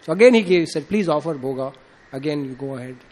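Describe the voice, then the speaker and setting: Animated and fast, with a darkish tone, a man gives a loose devotional talk built around a story. When he quotes people, his pitch climbs as he acts out their lines, and fillers crop up constantly.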